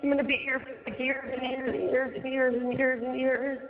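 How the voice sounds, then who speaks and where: A man's voice: very high voice, monotone, moderate pace, narrow, tinny audio, voice pushed up. A man mockingly voicing a hysterical, self-pitying young woman who sobs and repeats herself frantically. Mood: sobbing whine. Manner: wailing, frantic repetition.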